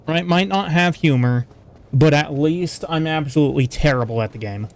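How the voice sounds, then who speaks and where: A man's voice: a little high, normal speed. Chatty man rambling over a video game. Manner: rambling, self-deprecating, chatty with stream chat. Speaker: streamer playing a video game. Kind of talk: casual gaming commentary.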